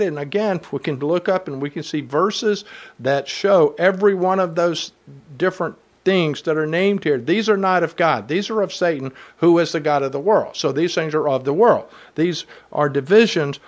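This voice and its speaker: A man with a slightly higher-pitched voice delivers a sermon to his congregation. He reads Bible verses aloud and presses his points with earnest emphasis. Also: animated, normal speed. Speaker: preacher.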